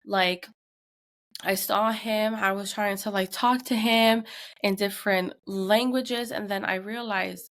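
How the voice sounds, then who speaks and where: A woman's voice: medium pitch, fairly even intonation, takes it slowly, a bit bright. A young woman co-hosting a podcast, emotionally retelling a tense story with lots of fillers. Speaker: podcast co-host. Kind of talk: casual storytelling.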